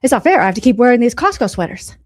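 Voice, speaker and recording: A woman doing a mocking impression of a middle-aged man who whines loudly about his wife making him wear sweaters. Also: fairly high pitch, big pitch swings, very fast. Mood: whiny. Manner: mocking, exaggerated, loud.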